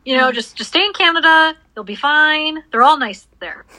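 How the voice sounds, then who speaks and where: A woman co-hosting a podcast, reacting with animated jokes and exaggerated disgust. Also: sits high, normal speed, low-quality recording. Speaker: podcast co-host. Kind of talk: casual chat.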